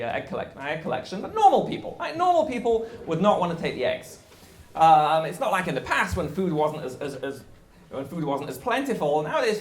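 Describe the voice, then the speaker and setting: A man speaking as a guest rabbi, giving a conversational lecture and explaining things in a lively way with wry jokes. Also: sits high, reverberant, a little hiss or hum.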